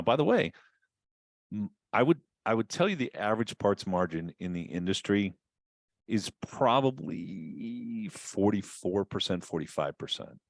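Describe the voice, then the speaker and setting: Deep-voiced man talking shop business. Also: no room sound. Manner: conversational, with frequent fillers and restarts. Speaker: auto repair business consultant. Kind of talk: webinar talk.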